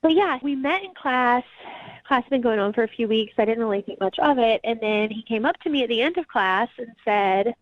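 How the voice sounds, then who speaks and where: A woman's voice: a little high, animated, a little fast, no echo. A woman phoning in to a radio show, earnestly telling how she met a man. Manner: friendly, earnest storytelling with small laughs. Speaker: caller. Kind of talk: phone-in call. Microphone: telephone. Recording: muffled phone line.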